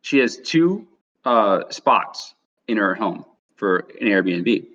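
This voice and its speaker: A young man with a lowish voice spins a loose, rambling anecdote in casual podcast chat. He slips into the voices of the people he quotes. The recording is dull and lo-fi. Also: sing-song, takes it slowly, fairly bright tone. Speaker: podcast co-host.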